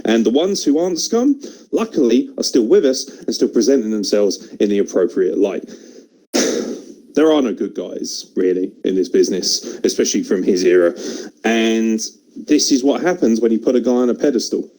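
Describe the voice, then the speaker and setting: Man, podcast host, mocking, sweary, mellow voice. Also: on the low side, expressive, moderate pace, rough recording. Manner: mocking and sweary, laughs often. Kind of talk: casual comedic chat.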